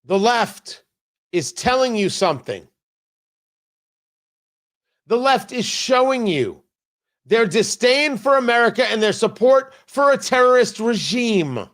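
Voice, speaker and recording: A man's voice: very high voice, very animated, unhurried, pauses often, a bit bright. A man hosting a political commentary show, delivering a combative, sarcastic opinion monologue with emphatic repetition.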